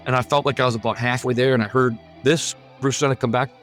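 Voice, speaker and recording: A man's voice: mid-range voice, steady tone, quick pace, fairly bright tone, faint music behind. A man telling his own near-death story in an earnest, vivid and emphatic way. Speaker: guest sharing a near-death testimony. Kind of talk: personal testimony storytelling.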